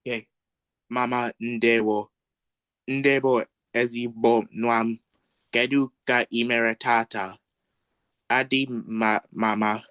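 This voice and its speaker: Slow, smooth-voiced man reading aloud. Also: medium pitch, steady tone, a bit bright, dry recording. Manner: careful, hesitant, apologetic reading. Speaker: language student.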